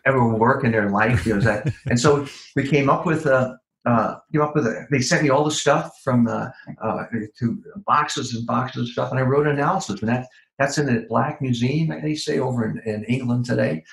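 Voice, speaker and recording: Older male guest, middle pitch, halting and rambling, roomy echo on the audio. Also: creaky, a bit bright. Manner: rambling, halting with many restarts and fillers. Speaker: guest, former criminal profiler. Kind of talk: podcast interview storytelling.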